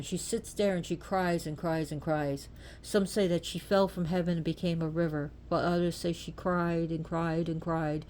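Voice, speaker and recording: A woman with a somewhat low voice retells an old myth with raw feeling. She repeats words for weight and asks the listener direct questions. A faint background hiss runs underneath. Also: warm tone. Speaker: storyteller. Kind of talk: emotional oral storytelling of myth.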